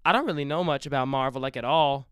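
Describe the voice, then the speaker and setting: A man's voice: mid-range voice, fast, a bit bright, smooth, dry recording, clean studio sound. A playful young man hosting a casual comedic podcast, joking around and telling puns. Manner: playful, jokey, freestyles and puns. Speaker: podcast host.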